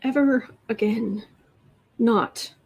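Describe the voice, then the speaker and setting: Slow, breathy woman on a live stream. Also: a little high. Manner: chatty, coos softly to her cat. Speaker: tarot reader. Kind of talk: live-stream chat answering viewer questions.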